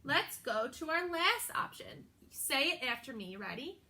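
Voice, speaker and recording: A young adult woman teaching a video lesson to young children, talking in a slow, sing-song, encouraging way. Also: high-pitched, big pitch swings, sharp tone. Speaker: pre-K teacher.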